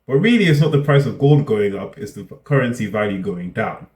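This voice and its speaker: A man hosting a reaction video, commenting with exasperated, incredulous outbursts that jump up in pitch. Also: lively intonation, a little fast, a little mellow. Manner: exasperated, incredulous, jumps in pitch when outraged. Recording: roomy echo.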